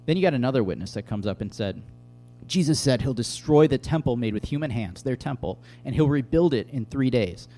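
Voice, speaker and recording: Young male bible teacher, chatty storyteller, mellow voice, soft music bed. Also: mid-range voice, fairly quick. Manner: conversational, animated storytelling with asides.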